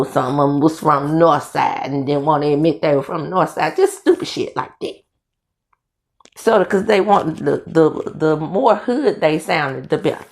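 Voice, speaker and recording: A middle-aged woman from the US South with a Southern accent, chatting in a casual commentary vlog, talking through dental aligners, with lots of fillers and restarts. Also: deep voice. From Mississippi, US South. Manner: animated storytelling with frequent fillers and restarts. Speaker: commentary vlogger.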